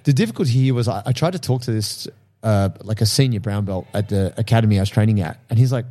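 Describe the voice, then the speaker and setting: A man co-hosting a podcast, telling stories in a casual, animated way and laughing at himself. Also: fairly low pitch, fast talker. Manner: animated storytelling, laughs often, self-deprecating. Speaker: podcast co-host.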